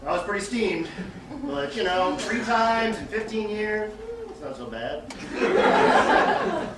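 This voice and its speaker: Guy comic on stage, bouncy high voice, super echoey and far off, noisy. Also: takes it slowly. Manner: animated storytelling, shocked asides. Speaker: comedian. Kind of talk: stand-up joke telling. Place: theater stage.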